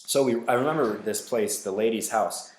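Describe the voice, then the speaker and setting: A man's voice: fairly low pitch, moderate pace. Swearing man telling a story in a roomy room. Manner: profane, animated, rambling with many fillers. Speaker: podcast host. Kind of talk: casual storytelling monologue. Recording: roomy echo.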